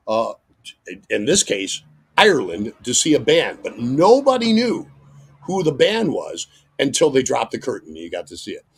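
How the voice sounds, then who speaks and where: A middle-aged man, a radio host, telling an animated story as a guest and breaking into loud acted-out exclamations. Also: mid-range voice, vocal fry, husky.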